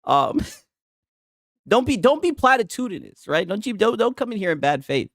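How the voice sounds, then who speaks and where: Lively, profane young man ranting. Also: high voice, normal speed, vocal fry, dry recording, clean studio sound. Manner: profane, rambling, tags "right?" constantly. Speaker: streamer. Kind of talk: casual ranting commentary.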